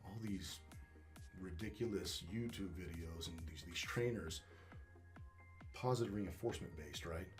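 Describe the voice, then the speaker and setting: A man's voice: deep voice, measured pace, long pauses, over music. A man speaking as a dog trainer being interviewed, talking casually and emphatically, swearing and repeating words as he restarts.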